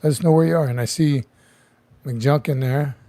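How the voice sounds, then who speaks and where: A man's voice: medium pitch, moderate pace, mellow, no echo. A middle-aged man hosting a casual livestream, chatty, joking and greeting viewers by name. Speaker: livestream host.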